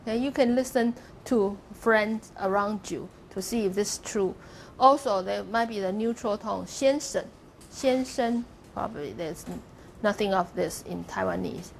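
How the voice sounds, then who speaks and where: A woman lecturing a classroom of students in a voice of ordinary middle pitch. She works through her points patiently, demonstrating each pronunciation and checking in with the room. Faint noise sits under her voice. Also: normal speed, creaky. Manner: explains step by step, demonstrating pronunciations and asking "okay?". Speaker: university lecturer.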